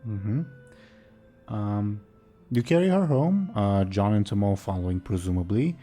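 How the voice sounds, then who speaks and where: An easygoing man running a tabletop game, with a low, mellow voice. He narrates loosely, with frequent ums, and faint music plays behind him. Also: a little slow. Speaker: game master.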